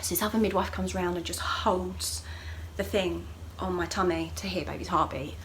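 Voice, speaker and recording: A woman's voice: moderate pace, a little hiss or hum, poor audio. A young woman vlogging, telling a personal story in a casual, chatty way and acting out what people said with big jumps in voice. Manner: animated, acts out voices of others with sharp jumps in pitch and loudness.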